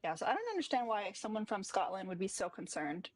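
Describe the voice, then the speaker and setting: A woman's voice: mid-range voice, big pitch swings, fast, slight background noise. A woman hosting a live stream, talking in a blunt, profane and dismissive way. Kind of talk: casual live stream chat.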